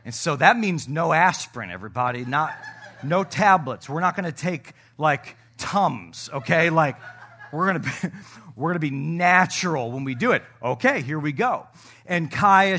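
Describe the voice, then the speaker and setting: A middle-aged man preaching a lively sermon with a bright, forceful voice that sits a little high. He jokes with his congregation and swings from soft asides to loud, shouting exhortation. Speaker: pastor.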